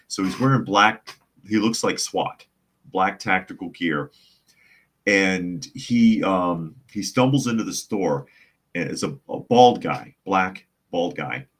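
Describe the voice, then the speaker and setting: Deep-voiced guy hosting a live podcast, chatting with viewers and rambling through stories, does little voices for the people in them. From United States. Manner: rambling storyteller, acts out quoted voices. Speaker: podcast host. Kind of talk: casual live-stream chat, reading viewer comments.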